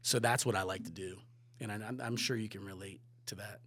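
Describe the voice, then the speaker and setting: A man telling a story as a podcast guest, lively, swearing, moving from loud bursts to hushed asides. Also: fairly low pitch, brisk. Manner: animated, swearing, swings between loud and hushed. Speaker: guest photographer and director. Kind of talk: casual storytelling.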